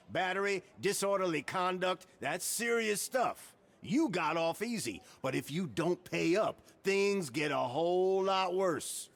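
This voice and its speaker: An actor playing a shrewd, threatening small-town sheriff in a video game, with a slow drawl. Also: male voice, high voice, a bit bright, heavily acted. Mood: stern. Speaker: game character.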